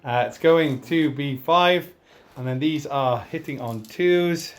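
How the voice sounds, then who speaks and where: A man talks through his turn in a tabletop miniatures battle, calling out dice results as he goes. His voice sits a little high, and he is chatty and self-mocking, getting excited whenever a roll goes his way. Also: slow. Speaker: tabletop wargame player narrating his turn. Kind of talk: casual battle report commentary.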